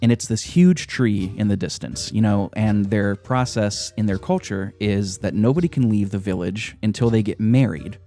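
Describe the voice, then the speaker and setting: A man's voice: lowish voice, lively intonation, normal speed, few pauses, mellow, faint music behind. A man hosting a podcast, casually retelling a game's story, laughing often and swearing now and then. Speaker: podcast host.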